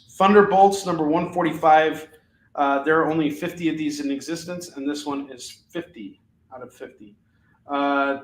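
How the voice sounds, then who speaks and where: A man hosts a live sale, listing items and prices in a loose, chatty way full of fillers. His voice sits a bit high for a man. The sound is roomy and echoey, with a faint hum of ambience behind him. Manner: casual, rattles off items and prices, many fillers. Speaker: live shopping show host. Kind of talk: live comic sales pitch.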